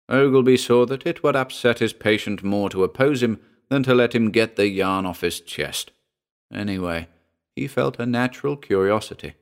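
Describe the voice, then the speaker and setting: A man narrating a 1940s pulp story in a steady, dramatic reading. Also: fairly low pitch, normal speed. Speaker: audiobook narrator.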